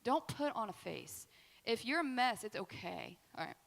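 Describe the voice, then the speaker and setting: A woman's voice: a little high, very animated, normal speed, creaky. A woman pastor sharing a heartfelt, candid testimony at a church Q&A, full of fillers and restarts. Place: church hall. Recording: long hall reverb.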